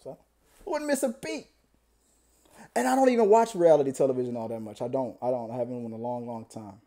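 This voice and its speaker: A man's voice: mid-range voice, quick pace. A man hosting a show, ranting comically and acting out the voices he quotes. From Texas. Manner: animated, acts out quoted voices, laughs often. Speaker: podcast host. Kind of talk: comedic rant.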